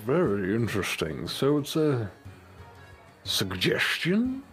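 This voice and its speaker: A male game master narrating a tabletop game, thinking aloud as he goes. He speaks slowly, and his pitch swings a lot. Faint music plays behind him. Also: wildly swooping pitch, a bit bright.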